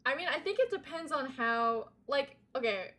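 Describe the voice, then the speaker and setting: A young woman with a slightly high voice co-hosts a relaxed podcast chat. She rambles through her thoughts, giggling often and leaning on "like" as she goes. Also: moderate pace, over a noisy crowd. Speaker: podcast co-host. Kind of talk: casual chat.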